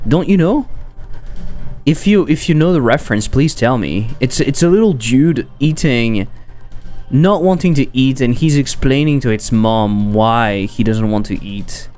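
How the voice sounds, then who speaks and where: A man's voice: medium pitch, expressive, a little slow, a little mellow, faint music behind. A man chatting casually on a live stream while coding, rambling, swearing and breaking off mid-sentence. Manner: rambling, swearing, self-interrupting. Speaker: streamer and game developer.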